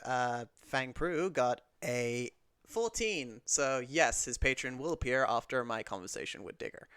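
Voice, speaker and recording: A man's voice: mid-range voice, a bit bright, smooth, no echo. A young man narrating a tabletop game as game master, casual with fillers.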